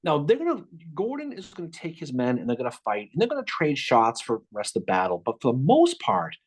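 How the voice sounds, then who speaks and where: A man co-hosting a casual history podcast, telling the story with lively restarts and repeated words. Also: fairly high pitch, brisk, breathy edge. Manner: animated, repeats words while thinking, acts out quotes. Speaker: podcast co-host.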